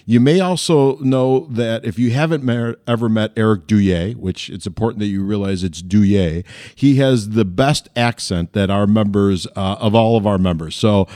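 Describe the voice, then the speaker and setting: A man's voice: on the low side, moderate pace, hardly any pauses, mellow, no room sound, studio quality. A man hosting an interview call, enthusiastic, with frequent ums and uhs. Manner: enthusiastic, uses um and uh. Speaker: host.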